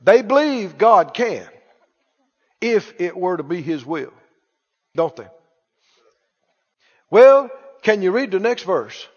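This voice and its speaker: A male preacher with a very high voice gives an animated, emphatic sermon, speaking slowly with long pauses and repeating key lines for emphasis. A long reverb fills the church sanctuary, and the recording is dull and lo-fi.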